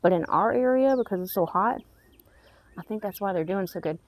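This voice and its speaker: A woman's voice: mid-range voice, a little fast. A woman gives a casual walk-through of her backyard garden, chatting and muttering at her plants as she goes. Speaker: gardening vlogger.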